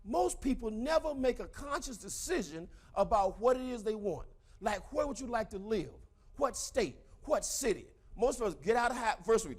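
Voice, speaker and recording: A man in his forties with a Southern US accent, giving a motivational seminar talk in an emphatic, repetitive way with bursts of shouting. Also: high-pitched. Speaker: seminar speaker.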